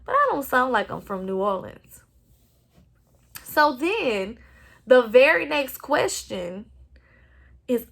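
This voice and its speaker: High-voiced impassioned Texan woman. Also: very animated, takes it slowly, vocal fry, long pauses, a bit bright. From Southeast Texas. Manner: impassioned, earnest. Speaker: podcast host. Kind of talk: solo podcast monologue. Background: no other speakers or sounds.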